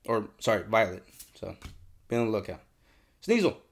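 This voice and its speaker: A young man hosting a card unboxing, chatting casually with lots of swearing and bursts of excitement, congested and sniffly. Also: on the low side, normal speed. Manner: profane, excitable, rambling. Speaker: card unboxing channel host.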